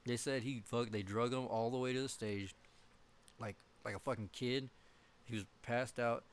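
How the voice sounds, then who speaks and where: A young man in casual chat with friends, swearing often and laughing as he tells animated stories. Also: medium pitch, moderate pace, clean tone. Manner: profane, laughing, animated storytelling.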